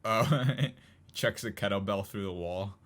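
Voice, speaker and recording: A man with a low-leaning, fairly bright voice takes his time while co-hosting a casual podcast chat. He rambles, drops in lots of fillers, and laughs often.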